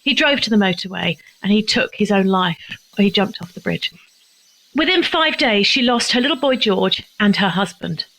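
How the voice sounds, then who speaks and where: A woman's voice: mid-range voice, animated, normal speed, fairly bright tone, poor audio. Earnest older woman, moved to tears. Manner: earnest, emotional, heartfelt. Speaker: charity founder. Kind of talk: interview answers.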